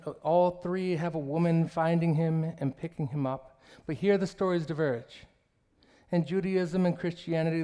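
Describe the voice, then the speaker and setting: A man preaching a sermon in a church, telling stories and parables with quoted dialogue and slowing down on key phrases. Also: fairly high pitch, dark tone, clean tone. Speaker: minister. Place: church sanctuary.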